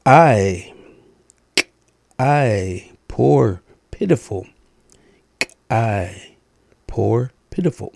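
Male radio host, slow and careful, repeats words for teaching, dark tone, dry close studio sound. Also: medium pitch, animated, no room sound. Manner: slow, repeating each word carefully, clearing throat often. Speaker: radio host teaching indigenous language phrases. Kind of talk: slow radio language lesson with repetition.

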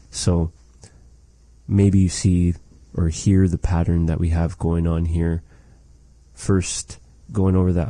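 A man teaching a language lesson, patiently saying phrases slowly and repeating them for practice. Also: sits low, warm tone, dry recording.

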